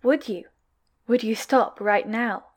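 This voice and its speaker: A sly young man who teases with a pouty, mock-sweet edge, read by a woman. His voice sits fairly high and playful. The tone is cheerful but quietly cruel, as in a spoken fanfiction recording. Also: slow pace. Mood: teasing. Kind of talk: podfic dialogue reading.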